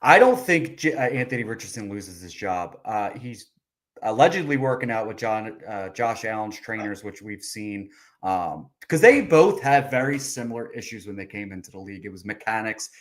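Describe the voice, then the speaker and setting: A man's voice: fairly low pitch, animated, moderate pace. A man co-hosting a podcast over a video call, talking in a level, matter-of-fact way and pushing back on his partner. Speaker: podcast co-host. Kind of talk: casual sports chat.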